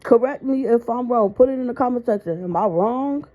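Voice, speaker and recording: A sassy woman, talking straight to her viewers in casual reaction commentary. Her voice sits a little high, and her exasperation comes through plainly. The recording sounds dull and lo-fi. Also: brisk.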